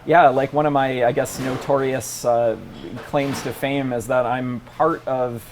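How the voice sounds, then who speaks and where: A man's voice: mid-range voice, fairly even intonation, measured pace. A man in his forties, a paleontologist guest, talking in a casual interview with frequent ums and restarts. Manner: thoughtful, many ums and restarts. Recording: faint background noise.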